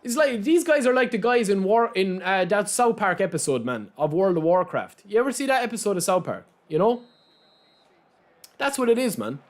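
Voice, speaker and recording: An Irish man streaming a football game, talking casually and answering his viewers directly. His voice sits high for a man and swings widely in pitch. He speaks in a loose, conversational way. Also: big pitch swings, moderate pace. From Ireland. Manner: talks straight to chat, reads out and answers viewers' messages. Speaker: gaming streamer. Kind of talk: casual live-stream chat while playing.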